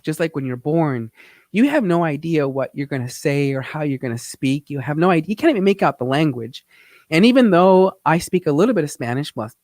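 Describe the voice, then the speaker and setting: A man hosting a live show, narrating over his travel photos in an earnest, reflective way, pausing often with fillers and getting emotional. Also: a little high, a little mellow, dry recording, studio quality. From Phoenix, Arizona. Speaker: host, tax teacher.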